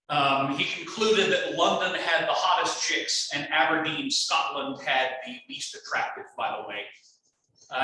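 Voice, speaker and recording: A man lecturing a class in a loose, chatty way that wanders off topic. His voice is bright and sits a little high. He is picked up from a distance in a very echoey room with faint background noise. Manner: casual, chatty, digressive. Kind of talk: university lecture. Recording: echoey lecture hall, mic far off.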